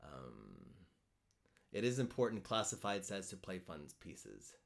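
A low-voiced man chats to his live-stream viewers about cello, his pitch swinging up and down a lot as he talks. He rambles easily, repeating words while he gathers his thoughts, and he reads out comments before answering them. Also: sing-song, measured pace, vocal fry. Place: home in France.

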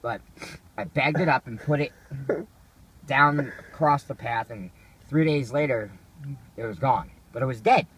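A man's voice: mid-range voice, unhurried, long pauses, a bit bright, husky. Man telling rambling, profane stories. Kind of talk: casual storytelling.

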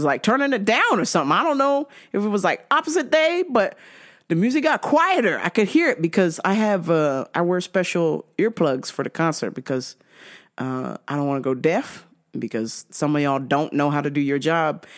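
A woman hosting her own show, telling a casual story with lots of swearing and laughter. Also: lowish voice. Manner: animated, profane, laughs often. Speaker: podcast host.

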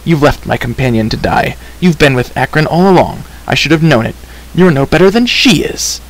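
A man's voice: medium pitch, fairly even intonation, normal speed, gravelly, rough recording. A man voicing a grieving young hero who speaks in a stern, bitter way, in a storybook reading. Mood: accusing.

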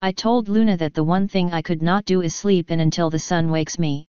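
A woman's voice: on the low side, steady tone, darkish tone, clear, resonant tone, no echo, lightly acted. A woman reading as a regal, thoughtful pony princess. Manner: formal, measured speech. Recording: dull lo-fi dry recording.

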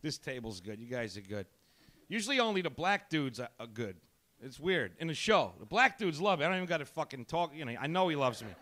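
During a stand-up set at a comedy club, a male comedian needles the crowd with an abrasive, profane style and picks fights with audience members. His high voice is bright and forceful, with big pitch swings and a fairly quick pace.

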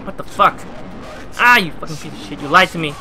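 Briskly and with animation, this twenty-something let's play gamer from New Jersey comments on a horror game from his home computer, his fairly high voice pushed and bright over faint music. He's on edge, cursing nonstop and yelping at every scare.

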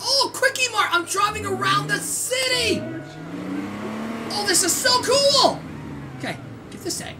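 A woman from Canada hosting a gaming channel, giving excitable let's-play commentary with squeals, shouts and laughter. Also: very high-pitched, measured pace, long pauses. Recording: distant mic with loud game noise.

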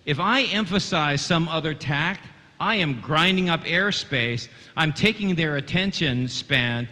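A man's voice: a little high, animated, measured pace, bright, forceful tone. A man teaching a sermon to a congregation in earnest tones, often catching on repeated fillers and restarts as he asks the listeners to follow along. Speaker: Bible teacher. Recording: long hall reverb.

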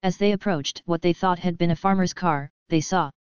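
A very smooth, clean storyteller's voice reading a children's adventure in an even, measured way. The sound is dry and a little dull, close to the mic with no room around it. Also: medium pitch, dry recording. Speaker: audiobook narrator. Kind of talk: scripted storybook narration.

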